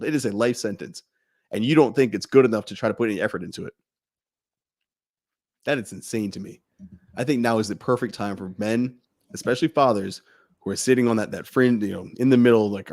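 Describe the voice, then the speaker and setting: Podcast co-host, male, low voice, blunt profane rant that builds up steam. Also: fairly quick, darkish tone.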